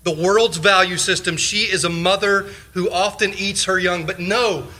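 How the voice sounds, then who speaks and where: A man's voice: sits high, fairly even intonation, normal speed, pushed and bright, low-quality recording. A male pastor preaching a sermon, firing off rhetorical questions and repeating short phrases for emphasis. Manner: leans on short repeated exhortations.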